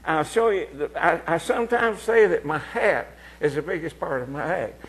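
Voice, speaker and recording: An old man in his nineties with a fairly high voice, recalling his past in a TV interview. His talk is folksy and halting, full of fillers and restarts. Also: poor audio. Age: 90s. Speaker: guest, medicine show performer.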